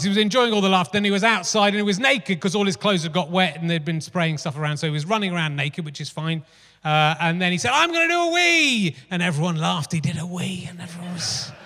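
The audience hears a fiftyish man's fairly high, slightly bright voice over light background noise as he hosts his comedy podcast on a theatre stage. He swears and chats his way through anecdotes, stand-up style, with the hall's reverb around him.

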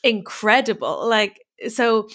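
A young Irish woman chatting as a comedy podcast guest, an animated storyteller with lots of fillers and restarts. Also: fairly high pitch, takes it slowly. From Ireland. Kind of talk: casual podcast chat.

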